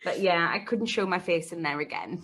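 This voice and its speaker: A young woman with a slightly low voice tells a funny story as a podcast co-host. She stays animated throughout and slips into quick impressions of the people she quotes. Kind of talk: casual storytelling chat. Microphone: home mic, live streamed call.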